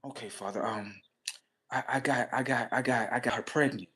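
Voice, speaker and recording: A man voicing a shy teenage son who hesitates and mumbles quietly. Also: medium pitch, normal speed, breathy edge, pitched below the performer's own voice. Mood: nervous. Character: timid teenage boy confessing.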